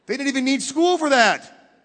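A man preaching a sermon, telling a story with dramatic swings from hushed to loud and putting questions straight to the audience. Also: extremely high pitch, lively intonation, moderate pace. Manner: talks directly to the audience with questions. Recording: long hall reverb.

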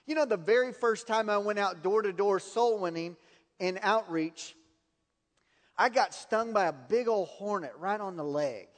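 A man's voice: high-pitched, expressive, measured pace, big-room sound. A man preaching a sermon, telling personal stories and laughing at his own anecdotes.

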